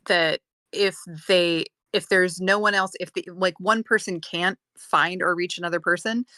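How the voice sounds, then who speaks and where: A woman with a low voice, playing a tabletop game and arguing her reasoning casually. The sound is dry and close. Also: steady tone, normal speed, bright, forceful tone, no room sound. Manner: argues her case with reasoning, fillers. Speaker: player.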